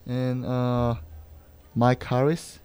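Mellow, hesitant radio host. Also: male voice, medium pitch, drawn-out words, clear, resonant tone. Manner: relaxed, hesitant with many fillers. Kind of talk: casual radio chat.

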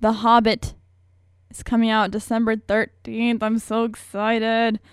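A woman's voice: on the high side, monotone, unhurried, clean tone, no room sound, studio quality. A young woman hosting a radio show, talking in a rambling, chatty, self-mocking way. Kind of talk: casual chat.

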